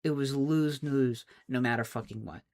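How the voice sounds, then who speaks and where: A man's voice: medium pitch, normal speed, a little mellow. A man, a streamer, in an exasperated, profane rant, often stammering and restarting his words. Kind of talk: angry rant.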